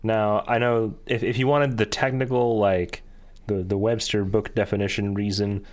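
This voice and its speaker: A man's voice: lowish voice, level tone, moderate pace. A man co-hosting a podcast in casual chat, rambling and laughing often. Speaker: podcast co-host.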